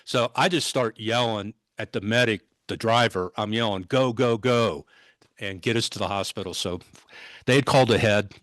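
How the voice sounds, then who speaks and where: A man in his sixties, a former police officer, vividly recounting a call as a podcast guest, with many halting restarts. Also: on the low side, a bit bright, no echo. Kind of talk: conversational storytelling.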